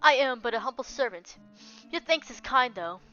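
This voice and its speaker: A solemn young lady knight swears loyalty in stiff, archaic phrases, her voice high and bright, as a woman puts her on for a game. The sound is dull and lo-fi, with faint music underneath. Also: expressive, moderate pace, smooth. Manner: formal, archaic oath-swearing speech. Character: solemn devoted young female knight in armor.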